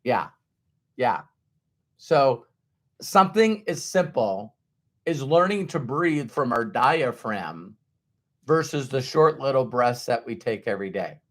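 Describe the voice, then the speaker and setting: A man's voice: medium pitch, animated, a little slow. A man giving a conversational motivational talk who acts out the voices of doubters. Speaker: motivational speaker.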